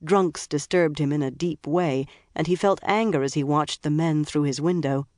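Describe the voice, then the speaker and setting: An audiobook narrator telling a gritty crime story in a steady, wry voice at a middling pitch. The read is dry and close, with no room around it. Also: moderate pace, no room sound. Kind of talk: scripted narration.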